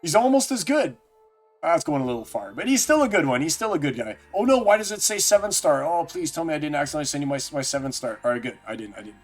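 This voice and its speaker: A man's voice: on the high side, very animated, fast talker. A man streaming live, chatting casually and jokily with viewers by name. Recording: faint music underneath.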